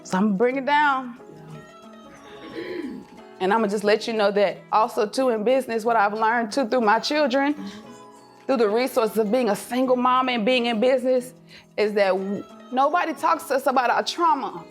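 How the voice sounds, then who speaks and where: A woman with a slightly high voice delivers a fervent, preacher-like talk to a gathered audience. She gets emotional, close to tears, and brightens into playful high voices when she quotes family. Soft music plays faintly underneath. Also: moderate pace. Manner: passionate and preachy, mixing faith with business advice; swings into high, laughing voices when quoting her kids and herself. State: emotional, near tears at times. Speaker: event speaker. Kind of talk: motivational speech to a live audience. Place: event room with an audience.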